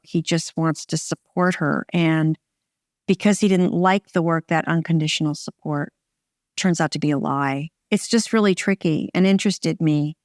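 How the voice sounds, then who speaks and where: A middle-aged American woman, a film director, chatting in an interview in a wry, relaxed way with short phrases and restarts. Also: lowish voice, dry recording, studio quality. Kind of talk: casual interview conversation.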